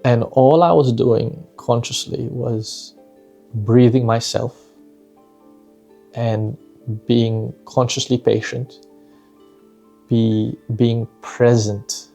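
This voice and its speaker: A man recounts a parenting moment in a relaxed, reflective storytelling manner. His voice is gravelly and mellow, with frequent conversational tags like "right?" and "you know". Faint music sits underneath. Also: mid-range voice, slow, long pauses. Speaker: father sharing a parenting story.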